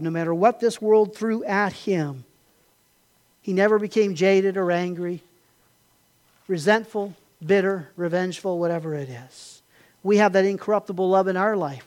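A man delivers a sermon in a high voice. He tells the stories with building passion, climbs to forceful peaks, then drops back to soft, conversational retelling. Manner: impassioned, rising to emphatic peaks then dropping quiet. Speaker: pastor.

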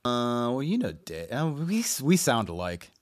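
A man's voice: mid-range voice, huge pitch swings, moderate pace, dry recording, studio quality. A man co-hosting a podcast, chatting casually over a video call in a joking, teasing, mock-indignant way. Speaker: podcast co-host. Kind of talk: casual chat.

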